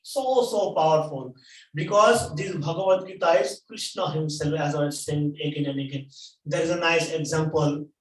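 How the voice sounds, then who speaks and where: A man preaching a sermon at a temple, telling a story in halting English and repeating phrases for emphasis. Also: fairly high pitch. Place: temple hall. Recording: echoey hall, mic at a distance.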